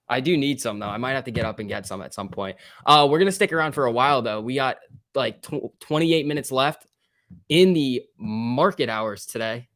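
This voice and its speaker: A young man at a middle pitch talks loosely and casually as host of a live stream. He reels off numbers and greets viewers by name between offhand remarks. He records indoors at home. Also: fairly bright tone. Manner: chatty, reads out stock prices and viewer names. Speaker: livestream host. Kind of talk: casual live market commentary.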